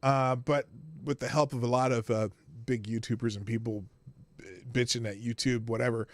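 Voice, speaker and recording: A man's voice: medium pitch, steady tone, normal speed. A middle-aged man hosting a live commentary stream, rambling in a casual, chuckling way with sing-song asides. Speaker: host of a live commentary show.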